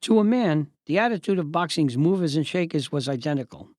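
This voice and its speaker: An older man hosting and narrating a memoir story in a measured, deliberate, lawyerly way. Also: fairly high pitch, lively intonation, darkish tone, dry recording. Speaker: host and narrator.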